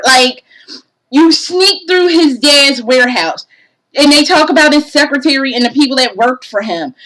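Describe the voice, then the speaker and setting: A woman's voice: high voice, expressive, normal speed, fairly bright tone, low-quality recording. A woman giving a casual game review, profane and exasperated, ranting animatedly.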